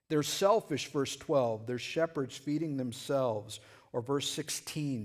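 A man preaching a sermon in a conversational way, often restarting phrases and now and then breaking into loud shouted lines. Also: mid-range voice. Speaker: pastor.

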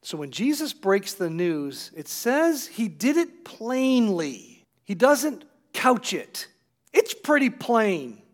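A man's voice: high-pitched, sing-song, slow pace. A man preaching a sermon, retelling scripture with acted quotes and putting questions to his listeners. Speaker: pastor.

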